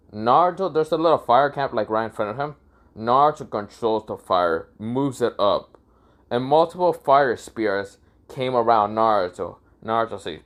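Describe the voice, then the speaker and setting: A man's voice: on the low side, measured pace. Male narrator, casual improvised fan story, rambling, lots of fillers and self-corrections.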